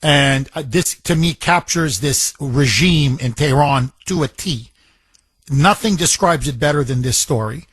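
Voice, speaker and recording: A man's voice: medium pitch, measured pace, fairly bright tone, slightly rough, no room sound. A man hosting a talk radio show, taking calls and telling a story emphatically, repeating phrases for effect.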